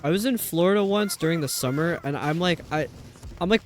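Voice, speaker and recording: A man's voice: on the high side, expressive, brisk, faint music behind. A male streamer chatting casually and rambling while he plays, answering his chat.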